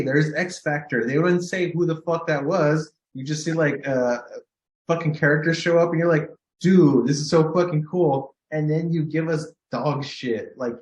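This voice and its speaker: A man with a Southern Californian accent, co-hosting a podcast in casual chat, animated, swearing often and acting out his reactions. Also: a little high. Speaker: podcast co-host. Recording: echoey room.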